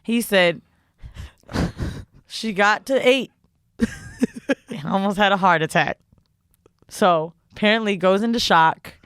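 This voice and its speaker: A woman's voice: mid-range voice, takes it slowly, pauses often, clean tone, dry recording, clean studio sound. A woman co-hosting a casual podcast, telling crude travel stories with lots of swearing and quoting people she met. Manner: animated storyteller, profane, quotes others in voices. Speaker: podcast co-host. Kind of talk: casual storytelling chat.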